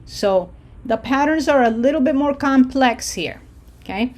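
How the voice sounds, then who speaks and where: A woman teaching a language lesson, modeling words slowly for repetition and checking in with frequent "okay?". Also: sits high, animated, darkish tone. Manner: patient, drawn-out model phrases for repetition. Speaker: Spanish teacher. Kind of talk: slow pronunciation lesson.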